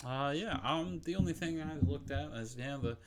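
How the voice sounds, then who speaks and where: A man's voice: on the high side, moderate pace, very noisy. A man co-hosting a game stream, chatting in a crude, laid-back way with lots of swearing. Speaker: co-host. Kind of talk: casual game stream chat.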